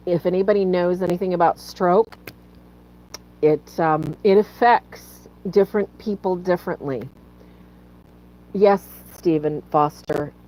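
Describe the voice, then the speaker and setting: A woman's voice: low-pitched, slight background noise, low-quality recording. A woman hosting a faith live stream, tearful and fighting back tears as she earnestly pleads with viewers and greets them by name. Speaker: livestream host.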